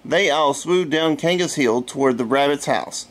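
A middle-aged man reading a children's storybook aloud in a relaxed way, with chatty asides. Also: on the high side, moderate pace.

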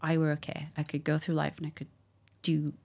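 A woman telling a personal story as a guest in a candid conversation, animated and acting out what people said, with frequent laughs. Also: sits low, fairly quick, gravelly. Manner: animated, acts out quotes, laughs often.

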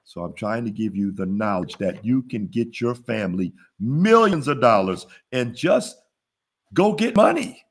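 Animated man teaching a money webinar. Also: on the low side, moderate pace, few pauses. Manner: preachy, call-and-response, laughs at own jokes. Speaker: webinar host, business funding teacher. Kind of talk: casual motivational webinar teaching.

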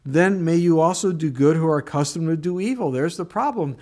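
A man pastor giving a sermon, moving from Bible teaching into a lively personal story. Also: on the high side, fairly quick. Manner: storytelling, animated in anecdotes.

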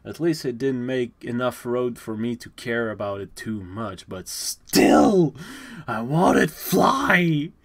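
A young adult streamer giving casual, excitable commentary while gaming, swearing, laughing often and stammering. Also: medium pitch, slow pace.

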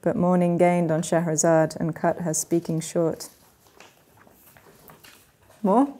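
A woman reading a translated old tale aloud at a university workshop, with a measured, even delivery. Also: on the low side. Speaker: reader of her own translation.

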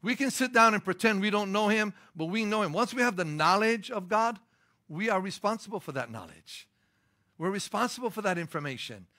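A middle-aged male pastor preaching with a bright, forceful edge to his fairly high voice. He drives points home with sudden stressed lines, then drops into easygoing storytelling asides. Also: lively intonation, brisk. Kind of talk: sermon.

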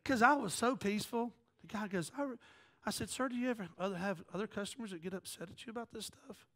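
Delivering a sermon, this Southern pastor has a high voice and speaks fast. His storytelling is animated and joking, switching back and forth among quoted voices.

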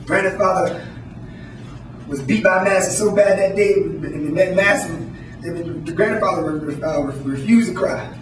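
A man performing a spoken story, halting and restarting with many ums. His voice sits high. The sound is very echoey and distant, as if caught from across a live room.

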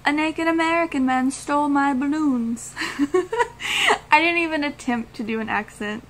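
A woman's voice: a little high, a little hiss or hum, low-quality recording. A woman vlogger chatting casually and enthusiastically, gushing and laughing often. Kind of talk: casual movie-review chat.

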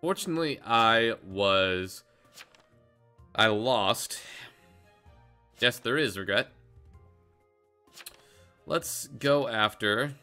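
Bright-voiced young man commenting on gameplay. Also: medium pitch, expressive, extremely slow, pauses often, clear, resonant tone. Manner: chatty, frustrated asides with filler restarts. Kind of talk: casual game commentary. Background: faint intro music.

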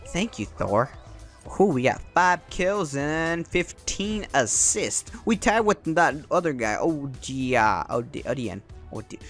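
Young man, excitable gaming commentary, higher voice, swooping pitch, faint game music behind. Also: unhurried. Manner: excitable, yelps and laughs, repeats words. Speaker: gaming channel host.

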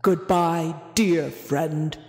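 A woman voicing a huge, kind male whale who speaks in a low rumble. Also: extremely slow, warm tone, heavily acted. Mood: tender farewell. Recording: echoey room with long reverb.

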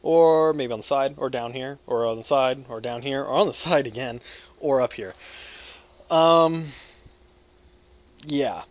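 A young American man in his twenties, talking in a hyper, rambling way over gameplay. He jokes, swears freely and keeps cutting himself off mid-thought, at a middling pitch for a man. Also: unhurried, long pauses, no room sound. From United States. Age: 20s. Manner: hyper, joking, profane, self-interrupting. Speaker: gaming video creator.

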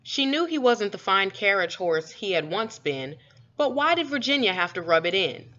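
A woman reading a children's story aloud with expressive, lively storytelling. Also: mid-range voice, moderate pace. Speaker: storybook reader. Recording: dull lo-fi recording.

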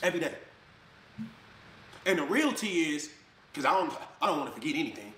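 High, fast-talking man, angry rant, echoey room. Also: very animated, sharp tone, slight background noise. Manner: angry, rapid, mocking quoted voices. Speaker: influencer addressing critics. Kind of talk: heated ranting video clip.

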